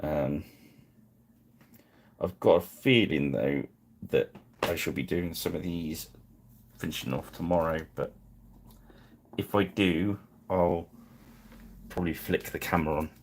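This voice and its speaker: A man's voice: low-pitched, a little slow, long pauses, slight background noise. A man hosting a live painting stream, chatting casually and apologizing with self-deprecating asides.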